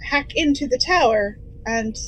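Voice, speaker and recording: Earnest golden android officer as a woman plays it, halting, slightly high voice, faint noise behind. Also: a bit bright, poor audio. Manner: careful, halting, thinks aloud. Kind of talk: tabletop role-play in character.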